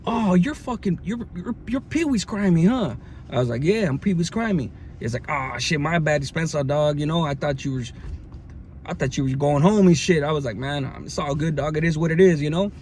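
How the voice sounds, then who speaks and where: Man with a fairly high voice, casual storyteller full of slang and fillers, faint hiss behind him. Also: brisk, darkish tone. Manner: slangy, lots of fillers and restarts. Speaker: storyteller recounting jail experience. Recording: faint background noise.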